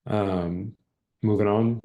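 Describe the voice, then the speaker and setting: A man leading an online exam-prep teaching session over a video call, explaining at length and often pausing with fillers while he searches for words. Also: fairly low pitch, steady tone, mellow. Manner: hesitant, many fillers and word searches.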